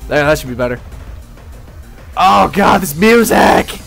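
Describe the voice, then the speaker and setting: A man casually commenting on his gameplay, rambling and excitable, swearing at enemies. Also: on the high side, measured pace, creaky. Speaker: gaming channel host. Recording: faint game music behind. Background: game music.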